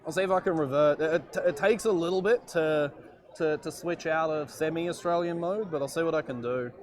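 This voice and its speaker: A man's voice: a little high, fairly quick, slight background noise. A man live streaming from an outdoor airshow, chatting casually and jokily with lots of fillers. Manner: rambling, joking, lots of fillers.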